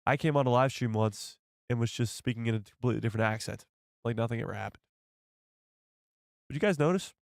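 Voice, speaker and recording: A man's voice: medium pitch, fast talker, gravelly, long pauses, no echo, clean studio sound. A man hosting a casual live stream, chatting to viewers and laughing often.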